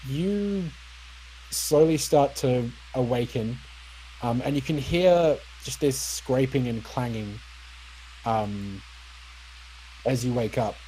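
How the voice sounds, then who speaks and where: Slow, hesitant man narrating a game. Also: medium pitch, mellow, slight background noise, rough recording. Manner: unhurried, lots of ums and uhs. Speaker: dungeon master.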